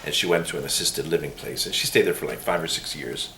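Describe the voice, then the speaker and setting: A middle-aged man telling family stories in a casual, animated way during an oral history interview, with laughter. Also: extremely low pitch, quick pace. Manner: animated, laughing, mimics voices when quoting. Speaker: interviewee's son. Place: room in a museum. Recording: roomy room with faint hiss.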